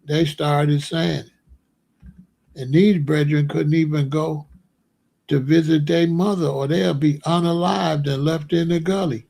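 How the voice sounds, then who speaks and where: A man's voice: on the high side, fairly even intonation, measured pace, gravelly, mellow. An American man hosting his own show, talking casually and at length to viewers, repeating himself and boasting. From United States. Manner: rambling, repetitive, boastful. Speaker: commentary show host.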